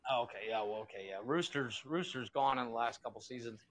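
A man's voice: mid-range voice, a little fast, a crowd in the background. A man co-hosting a podcast in casual chat, rambling and swearing, often trailing off while he searches for names. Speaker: podcast co-host.

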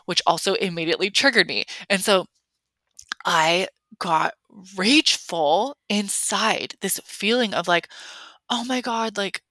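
A woman's voice: medium pitch, measured pace, pushed and bright, no echo. A young adult woman hosting a podcast, talking casually and emphatically with lots of fillers. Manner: chatty, filler-heavy, emphatic. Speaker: podcast host. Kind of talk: casual confessional chat.

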